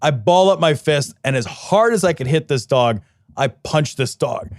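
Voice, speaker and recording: Man, podcast co-host, lively pitch, higher voice, dry close sound, profane storytelling. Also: moderate pace, no room sound. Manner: animated storytelling, swearing, laughing. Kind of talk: casual comedic chat.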